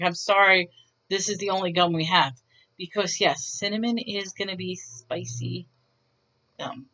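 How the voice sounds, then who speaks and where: A woman's voice: mid-range voice, bright, forceful tone, lo-fi sound. A woman casually telling retail stories to her viewers in a wry, bemused, chatty way, often restarting her sentences. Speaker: retail worker vlogger. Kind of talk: casual storytelling to camera.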